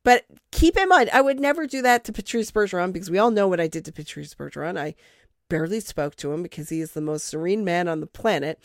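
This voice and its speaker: A woman hosting a casual fan podcast, talking in animated, rambling bursts with laughing asides. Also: fairly low pitch, fast, dry recording, studio quality. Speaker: podcast host.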